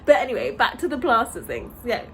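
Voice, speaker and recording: A young woman with a British accent chats into her phone camera and wanders from story to story, her pitch swinging up and down. Her voice sits a little high, with faint noise underneath. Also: animated, a little fast, low-quality recording. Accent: British English. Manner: chatty, rambling storyteller with frequent fillers. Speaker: vlogger. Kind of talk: casual chat vlog. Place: home, on a balcony.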